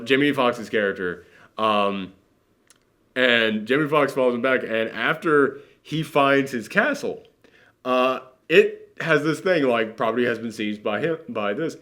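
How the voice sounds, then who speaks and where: A man's voice: mid-range voice, takes it slowly, fairly bright tone. A man hosting a casual movie reaction chat, ranting sarcastically with lots of fillers.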